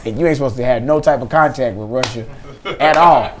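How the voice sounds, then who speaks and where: A man's voice: mid-range voice, fairly quick. A man with a mid-range voice tells a long comic story on a podcast, slipping into the voices of the people on the phone. A faint hum of noise sits underneath. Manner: animated storyteller acting out phone calls. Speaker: podcast host. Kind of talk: comedic storytelling.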